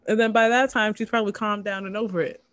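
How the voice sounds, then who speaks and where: A woman co-hosting a podcast in casual chat, relaxed and agreeable with dry jokes. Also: mid-range voice, fast talker, dry recording. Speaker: podcast co-host.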